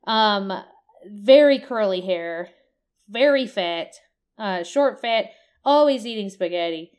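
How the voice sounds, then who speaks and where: A woman's voice: mid-range voice, expressive, slow pace, darkish tone, clear, resonant tone. A woman talks casually and at length, drifting through her descriptions and stopping to hunt for the right word. Her speech is loose and unscripted, with the odd swear word dropped in. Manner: rambling, searches for words, swears casually. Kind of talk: casual chat about a video game.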